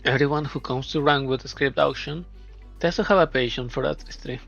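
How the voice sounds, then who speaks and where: A man voicing a shrewd, flamboyant female film producer who talks in a smooth, probing, flattering way. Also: mid-range voice, fairly quick. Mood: coaxing. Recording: dull lo-fi, faint music.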